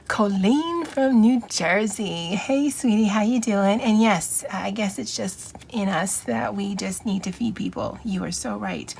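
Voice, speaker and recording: A woman's voice: mid-range voice, creaky. A woman hosting a planner vlog, chatting casually, reading out viewer comments, greeting viewers by name and laughing often. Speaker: planner vlogger host.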